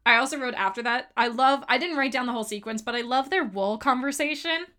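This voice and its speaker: A woman co-hosting a casual chat about a movie, giggly and animated, acting out quotes from her favorite scenes. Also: sits high, fast talker. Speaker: podcast co-host.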